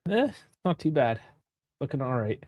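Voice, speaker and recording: Male stream host, middle pitch, chatty and laughing, dry close sound. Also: big pitch swings, normal speed, darkish tone, no echo. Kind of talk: casual live-stream chat.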